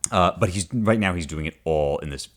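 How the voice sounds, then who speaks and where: A man with a low voice talks through a classic poem as a podcast host. He sounds casual and animated, drops wry asides, and keeps checking in with his listeners. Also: brisk. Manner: conversational, often checks in with "right?"; wry and animated, reads passages aloud then unpacks them.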